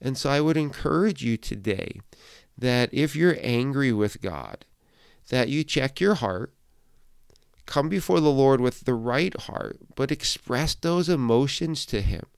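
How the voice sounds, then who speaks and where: A middle-aged male pastor gives a reflective devotional talk in an earnest, encouraging way. His voice is smooth and resonant, with a gravelly edge. The sound is dry and close. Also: medium pitch, animated, measured pace, dry recording.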